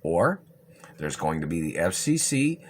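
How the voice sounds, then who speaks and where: A man's voice: sits low, very animated, measured pace, slight background noise. A man in an agitated monologue, accusing and repeating himself. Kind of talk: monologue to camera.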